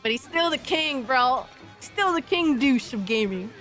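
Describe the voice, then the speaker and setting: A woman hosting a stream, chatting casually and reacting with excitable, profane trash talk. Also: sits high, measured pace, faint music behind. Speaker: streamer host.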